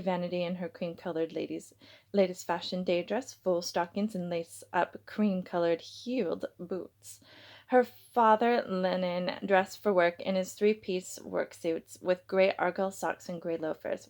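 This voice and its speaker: A woman's voice: fairly low pitch, darkish tone. A woman reading her own novel aloud in an unpolished way, with slips and self-corrections. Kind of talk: audiobook reading.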